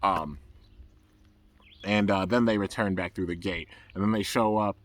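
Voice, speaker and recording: Man in a laid-back recap, slightly low voice, rambles eagerly with fillers. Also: fairly even intonation, unhurried. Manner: rambling, loose and enthusiastic, full of "um" and "you know". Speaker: anime episode reviewer. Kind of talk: casual recap.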